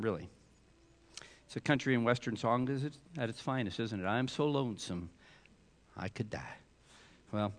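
Male preacher, lively sermon delivery, acts out biblical characters; long hall reverb. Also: medium pitch. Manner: animated, acts out voices of biblical figures.

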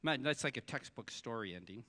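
A male pastor preaching a sermon, telling stories and swinging between soft and loud delivery, sometimes breaking into song. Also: medium pitch, animated, brisk. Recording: long hall reverb.

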